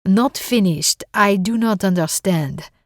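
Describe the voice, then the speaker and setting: A woman voicing an older male French judge with a French accent, matter-of-fact and booming, in an audiobook. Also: slow pace, dry recording, clean studio sound. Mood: measured.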